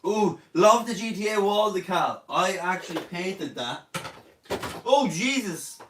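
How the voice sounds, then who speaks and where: A man's voice: high voice, expressive, measured pace, fairly bright tone. A young man with an Irish accent, sick in bed and hosting a casual live Q&A, joking and boasting as he reads out viewer comments. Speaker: online comedian hosting a live Q&A. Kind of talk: casual live-stream chat. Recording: roomy sound, distant from mic.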